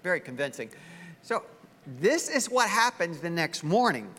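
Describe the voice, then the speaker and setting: A man preaching a sermon as pastor, telling the story with lively acted-out voices. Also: high-pitched, moderate pace, long reverb tail. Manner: animated storytelling, acting out voices of the story's people.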